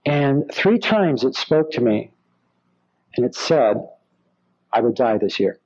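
A man's voice: medium pitch, slow pace. A man preaching, telling stories and acting out the voices of the people in them. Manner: animated storyteller, acts out quoted voices. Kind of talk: sermon storytelling. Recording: slightly dull lo-fi recording.

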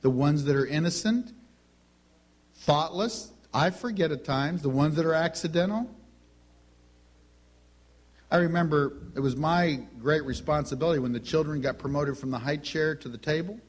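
A middle-aged man with a somewhat high voice preaches a sermon, telling stories in a lively, animated way. He acts out the voices of the people in them.

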